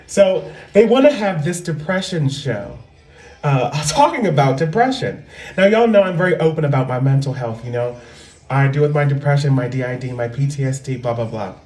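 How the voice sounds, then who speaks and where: A woman comedian talking loudly and animatedly in a casual, profane monologue into a microphone. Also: low voice, expressive, moderate pace, pauses often. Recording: roomy echo with faint music.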